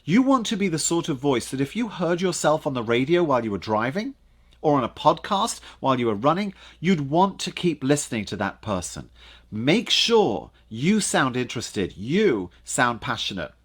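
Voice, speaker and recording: A man giving a lively online coaching talk on presenting, speaking to camera and using dramatic pauses and punched words for emphasis. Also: on the high side, slightly rough.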